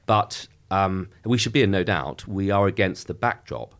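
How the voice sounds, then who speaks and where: A middle-aged man, a member of Parliament, giving a measured, emphatic political interview with frequent restarts. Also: deep voice, animated, a bit bright.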